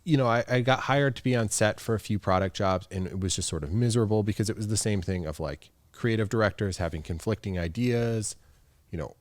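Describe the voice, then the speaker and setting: A low-voiced man chats casually as a guest on a podcast, easygoing and prone to laughing as he acts out what people said. His voice sits close and dry on the mic. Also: brisk, no echo. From United States. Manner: chatty, laughs often, acts out quotes. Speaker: guest photographer.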